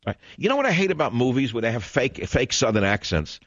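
A man's voice: medium pitch, sing-song, fast talker, a bit bright, no room sound, highs cut off. A man hosting a talk radio show, ranting and sarcastic in a combative monologue.

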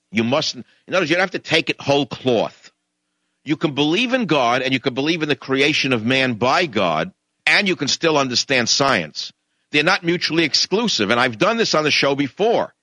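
With a voice on the low side, a middle-aged man runs a radio talk show, alternating quiet mutters with loud, animated bursts in a combative, sarcastic monologue. The recording has no echo.

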